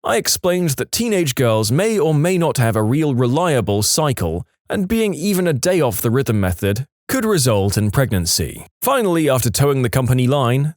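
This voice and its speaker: A man narrating reader-submitted stories in a scripted, expressive way, slowing down to land punchlines. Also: medium pitch, no room sound, clean studio sound. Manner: expressive, slows down to stress punchlines. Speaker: storytime narrator.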